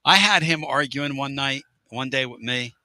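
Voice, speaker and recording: A middle-aged man with a mid-range voice hosts a casual sports radio show, cracking jokes, erupting into loud outbursts and stretching out his catchphrases. There is no room sound.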